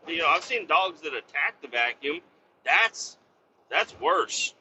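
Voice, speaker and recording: A man's voice: on the high side, very animated, unhurried, bright, forceful tone, slight background noise, poor audio. A man hosting a podcast, talking in a casual, rambling, profane monologue full of fillers. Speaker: podcast host.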